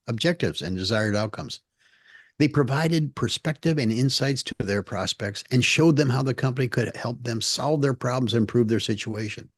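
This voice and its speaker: A man's voice: medium pitch, no room sound, clean studio sound. A man co-hosting a small business podcast, explaining a sales example in a casual way with small slips. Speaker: podcast co-host.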